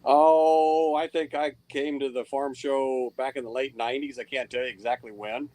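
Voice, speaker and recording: Male guest, modest matter-of-fact talker, mid pitch, dry recording. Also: level tone, moderate pace, mellow, dry recording. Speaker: guest puller. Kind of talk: casual interview answers.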